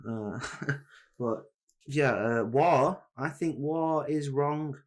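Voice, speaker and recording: A man's voice: medium pitch, drawn-out words. A young man co-hosting a podcast in casual chat, rambling and slangy, swearing freely. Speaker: podcast co-host.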